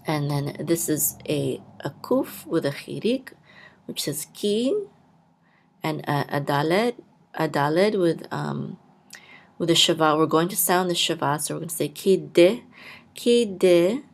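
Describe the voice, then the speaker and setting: A woman with a low voice walks through a reading lesson at an unhurried pace. She sounds out each syllable with patience, then repeats the whole word. Her manner is that of a calm teacher. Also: gravelly. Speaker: podcast host and Hebrew blessing teacher. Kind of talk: slow step-by-step reading lesson.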